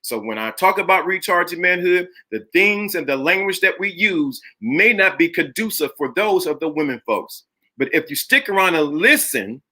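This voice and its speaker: Emphatic, bright-voiced livestream host man. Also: fairly high pitch. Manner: emphatic, preachy, repeats phrases for effect; greets chat viewers by name. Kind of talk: live-streamed talk show monologue.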